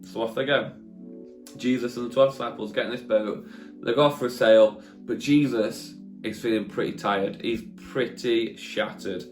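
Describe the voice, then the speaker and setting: A young man tells a children's Bible story in a playful, jokey way, teasing himself and throwing in booming sound effects. His voice rings around a roomy space. Faint guitar music sits underneath. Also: fairly even intonation, moderate pace. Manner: jokey, chatty, self-mocking, dramatic sound effects. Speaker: children's church presenter. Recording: echoey room with faint guitar.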